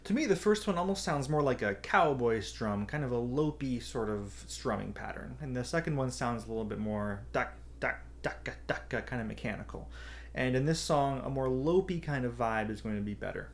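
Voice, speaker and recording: A man with a medium-pitched, animated voice teaches a beginner ukulele lesson a little fast, explaining step by step and counting beats aloud. Ukulele plays throughout, with faint music in the background.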